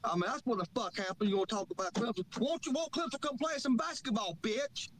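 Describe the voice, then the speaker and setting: A man calling into a sports podcast, yelling insults and threats at the host. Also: very high voice, fast talker, background noise. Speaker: caller. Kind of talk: heated sports call-in argument.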